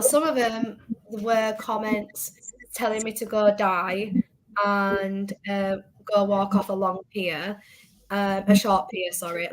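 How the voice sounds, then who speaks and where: A woman's voice: on the high side, fairly bright tone, low-quality recording. A woman who works as a psychic medium, a guest speaking earnestly in a casual chat and laughing off teasing.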